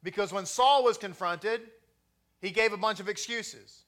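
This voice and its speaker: A middle-aged man giving a sermon on scripture, mixing in personal stories and growing loud and animated as he tells them. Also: high-pitched, unhurried. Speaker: teacher of scripture.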